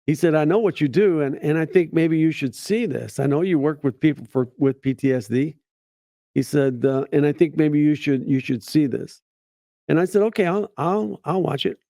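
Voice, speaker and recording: Gravelly, dark-voiced storytelling man. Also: a little high, no room sound, studio quality. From United States. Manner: halting, many restarts and repeated words; acts out quoted voices in his stories. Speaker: veterans advocate. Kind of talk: personal storytelling.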